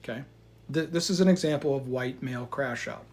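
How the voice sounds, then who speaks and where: A man's voice: mid-range voice, brisk, gravelly. Heated, profane male market commentator. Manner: heated, profane, swings between loud outbursts and quiet asides. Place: indoors in front of a chart.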